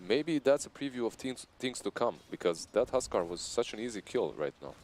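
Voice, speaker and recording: A man's voice: medium pitch, sing-song, a little fast, a little mellow, a little hiss or hum. A man with an Eastern European accent giving conversational, analytical esports commentary. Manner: analytical, conversational, laughs easily.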